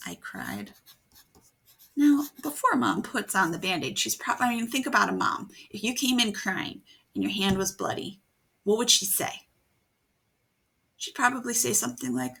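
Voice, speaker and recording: Animated woman teacher with a gravelly edge. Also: mid-range voice, normal speed, long pauses. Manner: animated, thinking aloud, voicing story lines as she writes. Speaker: writing teacher. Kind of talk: classroom writing lesson, modeling revision aloud.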